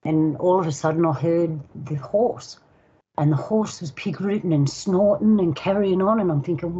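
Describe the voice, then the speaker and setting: An older woman with an Australian accent, a guest elder telling a personal story in unhurried casual talk, acting out voices and sounds. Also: on the low side, warm tone, lo-fi sound, a little hiss or hum. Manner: unhurried, acts out dialogue and sounds.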